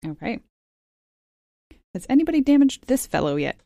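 A woman's voice: on the high side, very animated, moderate pace, gravelly, dark tone, no echo, clean studio sound. A woman playing a tabletop game, methodically checking the rules before each move. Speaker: player.

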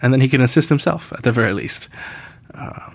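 A man's voice: mid-range voice, animated, a little fast, vocal fry, breathy edge, no room sound. A man hosting a casual podcast, chatty, laughing often and acting out characters' lines as he recaps an episode. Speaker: podcast host.

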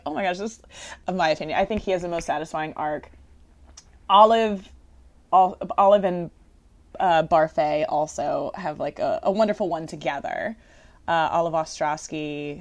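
A woman in casual conversation, chatty and animated, filling her talk with "like" and quoting characters. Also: on the low side. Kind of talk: casual chat about a musical.

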